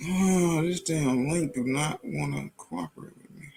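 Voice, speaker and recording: A man's voice: a little high, unhurried, vocal fry, a little mellow, a little hiss or hum. A man hosting a casual live stream, flustered and frustrated as he struggles with the tech while talking to his chat.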